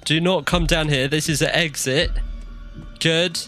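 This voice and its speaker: Bright, jittery young man gaming. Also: a little high, animated, a little slow, soft background music. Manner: jittery running commentary, shrieks when scared. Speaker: gamer. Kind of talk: let's play commentary.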